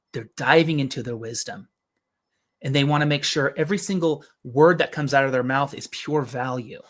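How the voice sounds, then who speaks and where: A man's voice: medium pitch, fairly bright tone. A man giving an earnest motivational talk as a business coach, often asking rhetorical questions.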